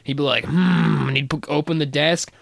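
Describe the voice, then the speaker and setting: A man's voice: fairly high pitch, fairly even intonation, quick pace, creaky, fairly bright tone, dry recording, studio quality. A young man telling a rambling, self-mocking personal story in a casual way, often breaking into laughter. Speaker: vlogger.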